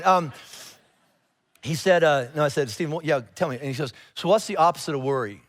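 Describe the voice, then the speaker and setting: Animated male pastor preaching. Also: a little high, fairly quick. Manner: conversational, animated, acts out dialogue. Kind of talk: sermon. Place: church auditorium.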